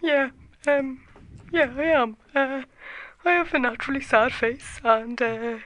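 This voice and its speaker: A woman's voice: high voice, fairly even intonation, measured pace, fairly bright tone. A woman playing a glum, hesitant caller who keeps stalling with ums and uhs in an improvised comedy call-in. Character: glum woman caller with a sad face, bigoted. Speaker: character caller.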